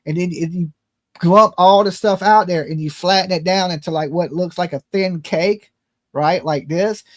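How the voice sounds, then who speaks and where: Male stream host, high voice, loose profane joker, dry close sound. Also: normal speed, no room sound. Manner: loose, rambling and profane, jokey phone-prank banter. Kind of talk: casual joking livestream chat.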